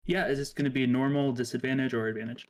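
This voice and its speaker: A man's voice: mid-range voice, steady tone, fast. A man playing in a tabletop game, chatting eagerly with the game master. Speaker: player.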